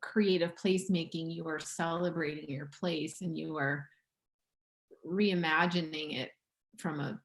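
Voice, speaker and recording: A woman's voice: sits low, steady tone, unhurried, poor audio. A woman hosting a casual interview on a video call, encouraging and reflective.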